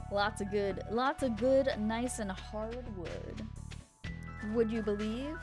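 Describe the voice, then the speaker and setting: A woman's voice: a little high, slow. A woman streaming a farming game live, chatting playfully, giggling and talking to herself as she plays. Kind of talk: casual live gameplay chat. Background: game music.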